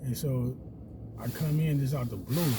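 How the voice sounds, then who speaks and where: A man telling a story casually, animated and profane, acting out quotes in a raised voice. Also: mid-range voice, normal speed, background noise.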